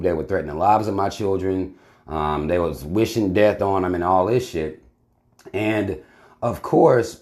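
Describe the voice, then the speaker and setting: Deep-voiced blunt swearing man. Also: a little mellow. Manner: blunt, emphatic, heavy swearing. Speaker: channel host reacting to a video. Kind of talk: casual profane commentary.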